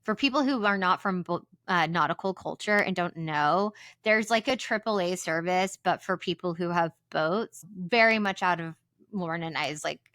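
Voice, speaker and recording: Snarky woman co-host, low-ish voice. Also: fairly bright tone, no echo, studio quality. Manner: snarky, quick asides. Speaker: podcast co-host. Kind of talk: casual recap chat.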